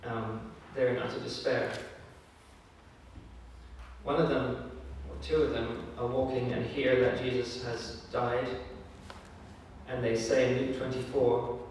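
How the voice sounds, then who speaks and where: Man, preacher, sermon, earnest measured delivery, far from the mic, very echoey hall. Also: medium pitch, level tone, darkish tone, a little hiss or hum. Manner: earnest, measured delivery with fillers, voicing scripture quotes with rising force.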